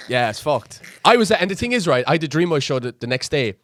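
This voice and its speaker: Fast-talking young man telling a story. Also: on the high side. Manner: swearing, animated anecdote-telling. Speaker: podcast guest. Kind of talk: casual chat, storytelling.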